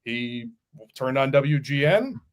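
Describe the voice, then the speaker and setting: A man's voice: mid-range voice, animated, slow. A man from Wisconsin with a Wisconsin accent, a show producer chatting in a friendly way and laughing easily. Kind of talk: casual chat.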